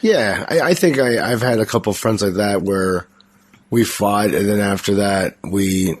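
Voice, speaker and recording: A man's voice: fairly low pitch, measured pace, slightly rough. A man guesting on a podcast, chatting casually with crude, rambling humor. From Canada. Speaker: comedian guest.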